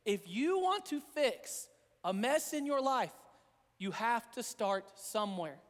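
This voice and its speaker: A man's voice: very high-pitched, big pitch swings, unhurried, big-room sound. A man preaching a sermon as a pastor, earnest and repetitive in a conversational way. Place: church sanctuary.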